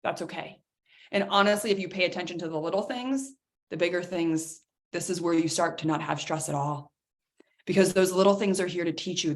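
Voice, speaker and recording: A woman hosting a motivational talk on stress, lively and direct, talking straight to her listeners. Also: fairly low pitch. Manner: animated, addresses listeners as guys. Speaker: workshop host.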